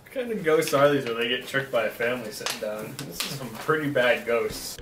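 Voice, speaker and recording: A young man with a medium-pitched, expressive voice co-hosts a snack review, briskly reading trivia aloud and joking around in a playful, casual chat. Music plays in the background, and the mic sits at a distance in an echoey room.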